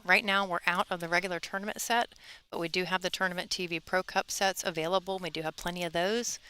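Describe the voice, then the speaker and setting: A woman's voice: lowish voice, bright, forceful tone, clear, resonant tone. A woman commentating a live pool tournament stream in a chatty, casual way, laughing easily and plugging the stream. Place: tournament venue.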